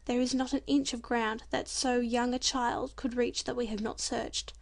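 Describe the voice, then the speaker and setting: A woman's voice: on the high side, flat delivery, moderate pace, gravelly. A woman voicing a cheerful, friendly young man in a storybook audiobook, speaking heartily.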